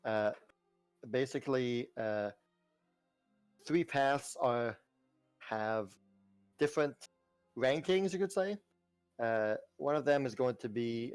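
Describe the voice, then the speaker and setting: A man narrating as game master of a tabletop game, speaking slowly and haltingly as he works through the rules. His voice is mid-pitched and sits close and dry, with faint music playing underneath. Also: no room sound. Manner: halting, many fillers while explaining rules.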